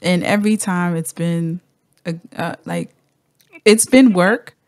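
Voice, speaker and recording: A woman hosting a podcast in casual chat, telling stories with lively acted-out voices. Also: on the low side, slow pace, dry recording. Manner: animated storyteller, acts out quoted voices. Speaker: podcast host.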